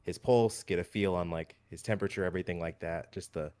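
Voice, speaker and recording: Deep-voiced man at a tabletop game, hesitant, relaxed. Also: fast. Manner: relaxed, hesitant with many fillers. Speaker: player.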